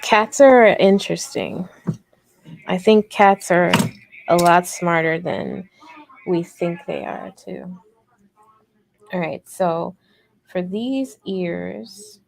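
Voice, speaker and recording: A woman's voice: lowish voice, creaky. A woman hosting a casual livestream crochet tutorial, chatty and rambling, talking directly to her viewers.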